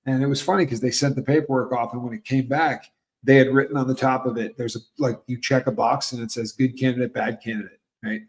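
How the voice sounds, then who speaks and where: A male host in casual conversation, telling stories with lively delivery and acting out the other voices himself. His voice sits at an average pitch for a man. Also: fast, low-quality recording. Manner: animated, acts out quoted dialogue. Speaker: podcast host.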